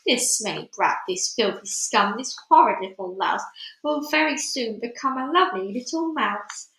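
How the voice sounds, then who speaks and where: A woman puts on a wicked witch queen for a storybook, high and piercing, sweet as syrup one moment and shrieking in triumph the next. She drags out her countdowns slowly and deliberately, and the room around her rings with echo. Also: very animated, fairly bright tone. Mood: triumphant. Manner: sugary coaxing turning to triumphant shrieking. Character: scheming female witch leader, syrupy then cruel. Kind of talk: storybook read-aloud. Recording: roomy echoey room.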